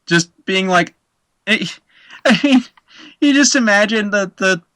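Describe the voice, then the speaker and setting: A man's voice: high voice, lively intonation, measured pace, sharp tone, no echo, rough recording. A man co-hosting a casual podcast, reading a funny news story aloud and laughing often. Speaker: podcast co-host.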